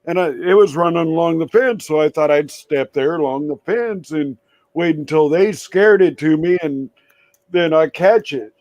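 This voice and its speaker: Male co-host, blunt profane anecdote teller with a slightly raised pitch; dry recording. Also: normal speed, a little mellow, no room sound. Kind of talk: casual chat.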